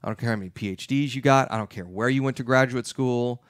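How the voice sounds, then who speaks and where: A middle-aged man giving an emphatic, lively talk as a real estate investment educator. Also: medium pitch, fast talker, dry recording, studio quality. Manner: emphatic, acts out his clients' questions.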